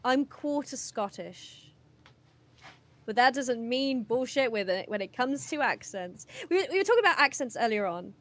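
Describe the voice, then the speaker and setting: A woman's voice: a little high, animated, normal speed, a bit bright. A young woman from the West Midlands with a mixed English accent, chatting casually on a podcast and laughing often. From West Midlands, England. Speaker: podcast guest. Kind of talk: casual chat.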